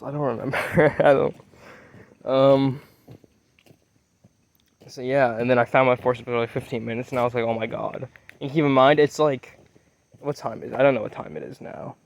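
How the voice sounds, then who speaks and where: A man's voice: mid-range voice, vocal fry. Rambling young man telling a story. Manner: rambling, swears often, loses his train of thought. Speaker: vlogger.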